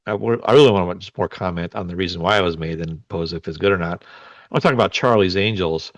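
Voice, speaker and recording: A man's voice: low-pitched, fast talker, dry recording. A man co-hosting a podcast, casually chatting with an opinionated, grumbling, sarcastic manner. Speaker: podcast co-host. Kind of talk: casual chat.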